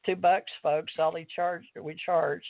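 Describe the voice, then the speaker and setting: Gravelly woman on a tinny phone line. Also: fairly low pitch, level tone, a little slow, no echo. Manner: rambling, many fillers, addresses listeners as folks. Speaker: host of an online talk radio show. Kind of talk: casual talk radio chat.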